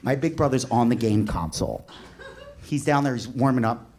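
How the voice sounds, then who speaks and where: A man doing stand-up comedy and telling a story, swinging from low asides to loud bursts. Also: animated, normal speed.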